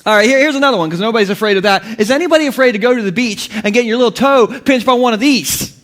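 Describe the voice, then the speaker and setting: A man's voice: extremely high pitch, fast talker, a bit bright. A man in his thirties preaching a humorous sermon as pastor, telling stories with jokes and laughing often.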